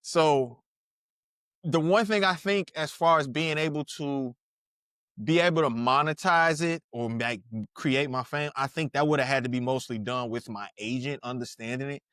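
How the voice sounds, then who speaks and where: Animated man telling stories. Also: medium pitch, normal speed, smooth, dry recording, studio quality. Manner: animated storytelling with slang, laughs and restarts. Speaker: podcast co-host. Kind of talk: casual podcast chat.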